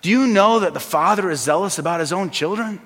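A man preaching a sermon as pastor, swinging between loud emphasis and hushed, earnest asides. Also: high-pitched, a little fast, long reverb tail.

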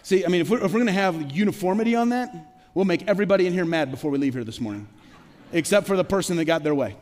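High-voiced pastor preaching in a reverberant hall. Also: male voice, animated, racing, a little mellow. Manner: conversational preaching with rhetorical questions and stammered restarts. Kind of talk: sermon. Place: church sanctuary. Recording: long reverb of a large hall.

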